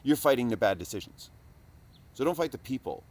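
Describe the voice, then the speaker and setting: A man talking to a recording device in a rambling, profane casual monologue, dropping to mumbles and rising to loud outbursts. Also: medium pitch, sing-song, brisk.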